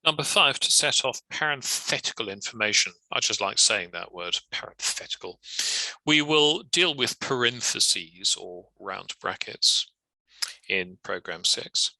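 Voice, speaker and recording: A man teaching grammar and punctuation in a relaxed lecture, with a chatty manner and casual asides. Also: lowish voice, unhurried, no room sound, low-quality recording. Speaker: legal writing trainer. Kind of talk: instructional lecture.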